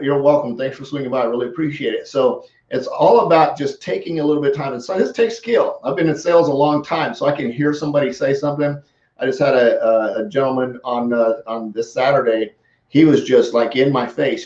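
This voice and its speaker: A man's voice: medium pitch, a little mellow. Man coaching in a roomy, dull recording. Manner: conversational, acts out sample replies. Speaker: sales coach. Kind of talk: casual coaching talk. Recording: roomy, slightly dull audio.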